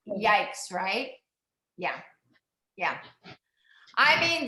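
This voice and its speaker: A woman's voice: a little high, bright, forceful tone. Upbeat woman cycling coach, echoey room. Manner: upbeat, encouraging, calls out numbers. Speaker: cycling instructor. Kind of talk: coaching an indoor cycling class.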